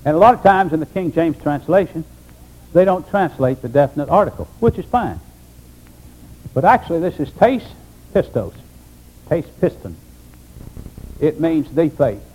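A man pastor preaching an emphatic sermon, dropping low for solemn points. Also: big pitch swings, moderate pace, pauses often, a little mellow, breathy edge, low-quality recording.

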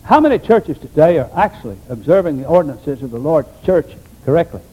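A man pastor preaching an emphatic sermon, dropping low for solemn points. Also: big pitch swings, a little fast, husky, muffled recording.

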